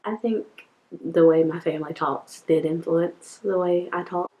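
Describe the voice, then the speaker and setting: A woman's voice: fairly low pitch, a little slow, mellow, poor audio. A young woman with a country North Carolina accent talking casually with hesitant fillers.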